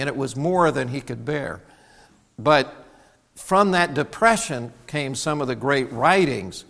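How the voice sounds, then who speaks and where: A man's voice: fairly high pitch, a bit bright. Earnest middle-aged male pastor in a reverberant hall. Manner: earnest, personal, with frequent restarts. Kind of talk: sermon.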